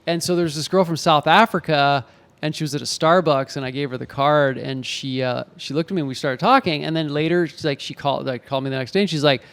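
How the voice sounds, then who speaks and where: A man in his forties tells stories as an interview guest, his voice sitting a little high. He talks animatedly and slips into other people's voices for the quotes. The tone stays conversational and relaxed. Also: quick pace, gravelly, clear, resonant tone. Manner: animated anecdotes with acted-out quotes. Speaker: actor and author guest. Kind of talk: casual interview storytelling. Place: home in Los Angeles.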